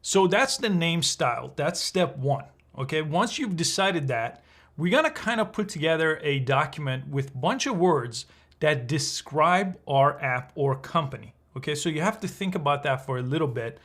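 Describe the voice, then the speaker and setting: Young guy, bit high voice, chatty upbeat tutorial host going step by step. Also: expressive, normal speed, fairly bright tone. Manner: upbeat, conversational, says "right?" often. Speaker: channel host. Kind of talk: screen-recorded tutorial.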